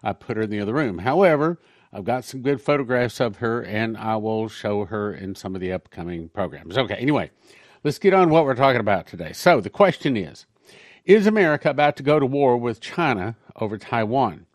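A man's voice: mid-range voice, expressive, a little fast, dry recording, clean studio sound. A man, a pastor, giving a conversational sermon-style talk on prophecy, reading quotations aloud between his own remarks.

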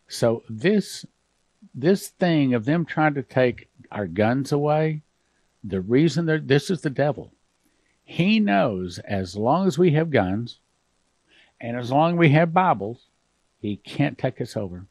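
A man preaching on a studio program in a fervent, emphatic way. His voice sits at a middle pitch and sounds dry and close. He swings between forceful declarations and hushed, emotional asides. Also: very animated, measured pace, dry recording. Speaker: pastor. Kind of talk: emotional televangelist sermon.

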